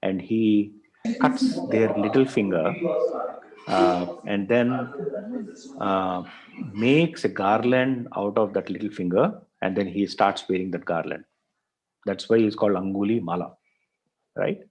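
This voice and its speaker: Male professor, low voice, loose storytelling lecture full of fillers. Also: measured pace, crowd noise, poor audio. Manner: frequent fillers, repeats words, thinks aloud.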